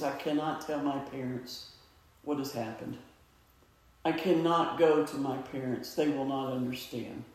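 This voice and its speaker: A middle-aged man giving an earnest, heartfelt personal testimony at a suicide awareness event. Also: a little high. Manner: earnest, slow, heartfelt storytelling. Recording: echoey hall, mic far off.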